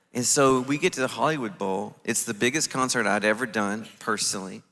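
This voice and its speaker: Male conference speaker with a lowish, bright voice, lively storyteller, hall echo. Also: moderate pace, gravelly. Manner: animated, acts out his own quoted reactions. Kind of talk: storytelling talk on stage. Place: conference stage in a large venue. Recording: echoey large hall.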